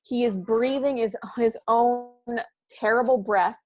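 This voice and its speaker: A woman with a fairly high voice tells a story in a loose, comic way on a podcast. She slips into little quoted asides that voice her own thoughts. The sound is dry and close, with no room around her. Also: a little slow, no room sound. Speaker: podcast guest. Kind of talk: casual comedic storytelling.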